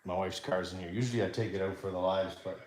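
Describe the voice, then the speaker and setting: A man hosting a casual livestream, touring his home garage in a halting way, with many fillers and self-corrections. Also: deep voice, steady tone, darkish tone, slight background noise. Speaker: livestream host.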